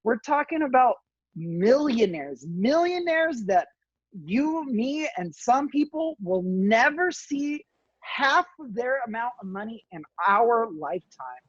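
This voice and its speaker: A woman co-host making her case in casual chat, emphatic and opinionated. Her voice sits a little high, and the sound is dry and somewhat dull, like a lo-fi mic close up. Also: big pitch swings, slow, breathy edge, dry recording. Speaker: podcast co-host.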